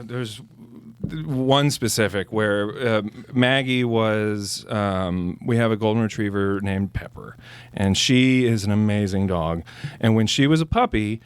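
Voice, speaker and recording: A man chatting as a podcast guest, telling family stories in a rambling, halting way full of fillers. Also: fairly low pitch, clean tone, no echo. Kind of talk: casual chat.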